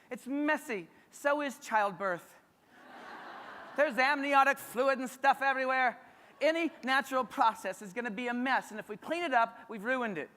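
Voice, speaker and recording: A man's voice: very high voice, sharp tone. Male keynote speaker, fired up and direct, with long hall reverb. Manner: punchy, rousing, talks straight to the audience. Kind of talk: motivational conference keynote. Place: large conference hall.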